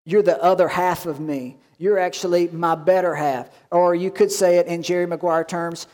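High-voiced pastor preaching. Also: male voice, fairly even intonation, a little mellow. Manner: reads scripture aloud and slows for emphasis; folksy, asks the congregation questions. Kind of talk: sermon.

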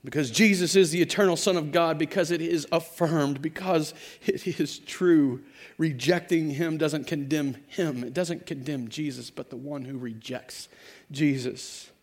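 A man preaching a sermon, moving from hushed, quiet passages to loud, emphatic declarations and slowing to stress key words. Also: a little high. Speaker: pastor.

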